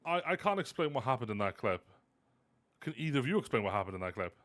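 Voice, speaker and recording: A man hosting a casual live stream, animated and self-mocking, often laughing. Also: mid-range voice, fast. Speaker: host.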